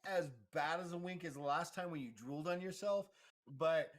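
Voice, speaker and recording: A man's voice: a little high, moderate pace. Playful man running a tabletop game. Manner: playful, joking. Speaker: game master. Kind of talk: running a tabletop game over an online call. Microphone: home mic on a voice call.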